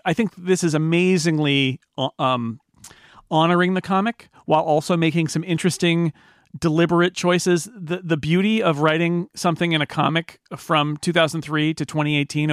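A man's voice: fairly high pitch, no echo, clean studio sound. A man hosting a podcast in casual chat, enthusiastic, laughing often and restarting his sentences. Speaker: podcast host.

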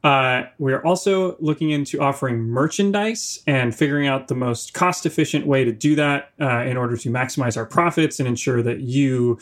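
A man's voice: mid-range voice, moderate pace, few pauses. A man co-hosting a film podcast in casual chat, wry and joking, and he laughs often. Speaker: podcast co-host.

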